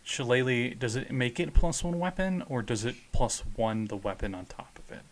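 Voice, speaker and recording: A man's voice: medium pitch, lively intonation, normal speed. A man running a tabletop game as game master, casual and joking as he narrates and answers rules questions. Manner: joking, casual, pop-culture references.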